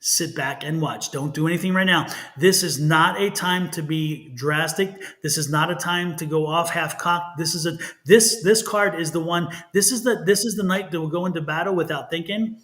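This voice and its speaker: Chatty man with a bright, high voice. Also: normal speed, hardly any pauses, rough recording. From Texas. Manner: animated, chatty, laughs often, stretches words for emphasis. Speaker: tarot and psychic reader. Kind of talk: live-stream tarot reading.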